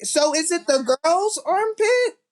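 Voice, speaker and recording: A woman's voice: very high-pitched, animated, slow pace. A woman chatting casually on a podcast, blunt and exclamatory. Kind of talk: casual chat.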